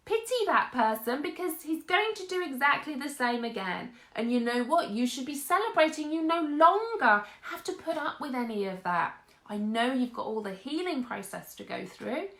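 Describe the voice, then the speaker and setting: A woman's voice: high voice, a bit bright, reverberant. A woman giving an earnest motivational talk, speaking directly to her listeners. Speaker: host.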